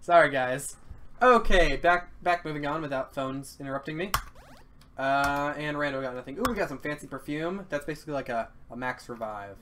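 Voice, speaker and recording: A young man giving casual, excitable commentary over his gameplay. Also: fairly high pitch, normal speed, noisy background. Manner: excitable, swears and yelps at the game. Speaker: let's play gamer.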